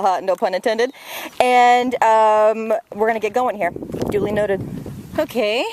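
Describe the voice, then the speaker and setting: A woman's voice: medium pitch, noisy background. A woman walking and vlogging to a handheld camera outdoors in a rainforest, upbeat and motivational, laughing often. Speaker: vlogger, fitness doctor.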